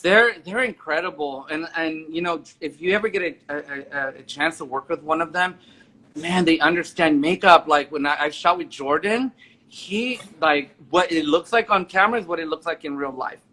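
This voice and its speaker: A man's voice: a little high, normal speed, bright, forceful tone. A man in his forties talking as an interview guest, enthusiastic and rambling with many restarts. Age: 40s. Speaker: interview guest, makeup artist and photographer. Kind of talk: casual interview chat.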